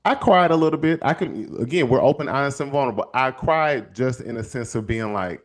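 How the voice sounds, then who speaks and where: An American man hosting an inspirational show, telling stories in a casual, animated way and jumping into high, excited exclamations. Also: fairly quick, few pauses.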